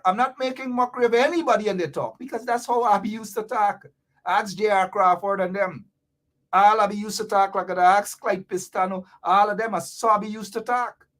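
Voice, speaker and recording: A man's voice: high-pitched, fairly bright tone. A man from Guyana with a Guyanese Creole accent, hosting a live-stream talk show, reading viewer comments and explaining local slang with lots of repetition.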